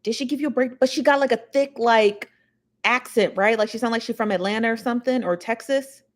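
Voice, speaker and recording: A woman's voice: fairly high pitch, fairly quick. A woman hosting a casual livestream, rambling and chatty as she talks straight to her viewers. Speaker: show host.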